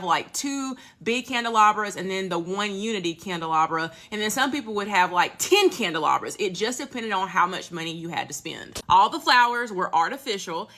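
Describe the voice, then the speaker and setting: A woman's voice: medium pitch, pushed and bright. A middle-aged woman talking casually and matter-of-factly, reminiscing about how things used to be done. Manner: matter-of-fact, reminiscing about old customs. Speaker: storyteller.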